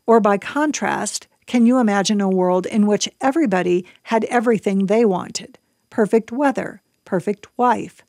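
Woman reading a book, dry and measured. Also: medium pitch, a little mellow, dry recording. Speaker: book reader. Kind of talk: reading a Christian book aloud.

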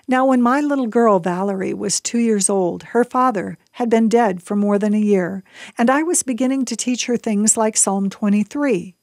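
A woman reading a Christian book aloud on a radio program, in a measured, earnest way. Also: fairly high pitch, creaky, a little mellow, dry recording, studio quality. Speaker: book reader.

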